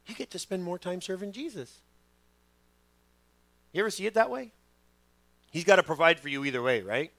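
Man, pastor, preaching sermon, middle-aged, fairly high voice, dry close sound. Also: moderate pace, long pauses, no room sound. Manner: animated storytelling, acting out quoted voices.

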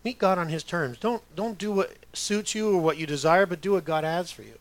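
A man's voice: high-pitched, brisk, no room sound. A middle-aged man preaching a sermon as a pastor, conversational, with rhetorical questions to the congregation.

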